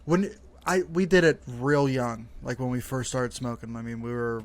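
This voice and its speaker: A man's voice: medium pitch, steady tone, normal speed. Young man rambling through a casual story. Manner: rambling storyteller, swears freely, many fillers like "like". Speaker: podcast co-host. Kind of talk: casual podcast chat.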